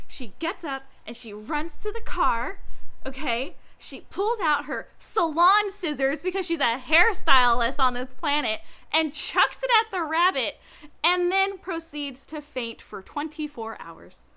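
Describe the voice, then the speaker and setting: A young woman who reviews books chats casually about what she's read, her voice high-pitched, sing-song, bright and forceful at a normal speed. She laughs often and mocks characters by acting them out in silly voices.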